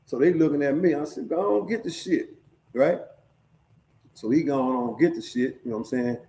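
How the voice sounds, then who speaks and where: Middle-aged man, relaxed streetwise storyteller with a warm tone, recorded in a roomy space. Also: mid-range voice, brisk, slight background noise. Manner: profane, streetwise, keeps checking in with "right?". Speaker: storyteller sharing prison stories. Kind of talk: casual storytelling. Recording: echoey room.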